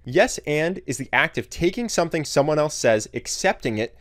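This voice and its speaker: A man giving a clear, scripted narration for an explainer video. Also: fairly high pitch, animated, normal speed, a bit bright.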